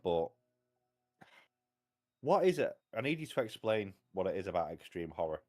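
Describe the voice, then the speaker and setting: A man's voice: low-pitched, sing-song, normal speed, darkish tone. A man chatting casually as a book channel host, rambling and wry, cutting himself off mid-sentence. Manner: rambling, self-interrupting, wry. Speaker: booktube host. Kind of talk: casual chat.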